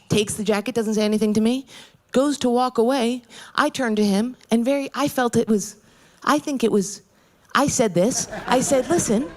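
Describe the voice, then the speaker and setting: A woman in her thirties doing a brash, profane stand-up set on a club stage, swinging her pitch wildly when she quotes people. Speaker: stand-up comedian. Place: comedy club stage before a laughing audience. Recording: live room with loud crowd laughter.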